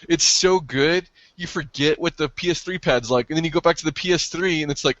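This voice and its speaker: A man co-hosting a casual gaming podcast, excitable and profane, breaking into yelps when something thrills him. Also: a little high, fairly quick, few pauses, no room sound, dull audio. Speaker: podcast co-host.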